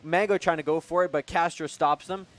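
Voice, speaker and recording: A man's voice: on the high side, fairly even intonation, fairly quick. Young man co-casting, partisan and casual. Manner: cheers the team on, casual reactions. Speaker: college esports co-caster. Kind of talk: play-by-play and color commentary.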